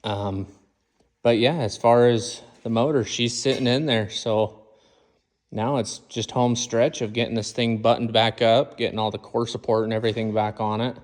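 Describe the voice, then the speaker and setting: In his garage, a mechanic with a mid-range voice films his own truck build, speaking steadily at a normal speed. His casual how-to vlog walks plainly through each step in shop talk, and he calls the engine "she."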